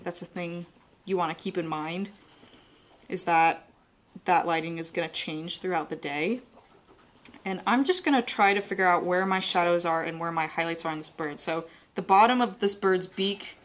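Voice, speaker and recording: During a live drawing demo, this art instructor speaks in a fairly low voice. She chats casually while drawing and explains every step to viewers, her tone remaining that of a teacher.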